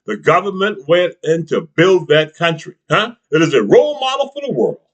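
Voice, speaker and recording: Middle-aged man, slightly high voice, heated profane monologue full of "huh?" asides and chuckles. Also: sing-song, moderate pace, muffled recording. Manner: blunt and profane, peppers talk with "huh?" and "you know what I'm saying"; chuckles between heated points. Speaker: political commentator. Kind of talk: ranting political monologue.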